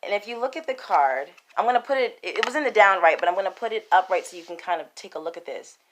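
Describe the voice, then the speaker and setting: A woman with a middle-range voice talks through a tarot spread at home, casual and excitable. She speaks straight to her viewers as "y'all". A faint background hiss sits under the recording. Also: mid-range voice, quick pace. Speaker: tarot reader. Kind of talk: casual tarot reading to camera.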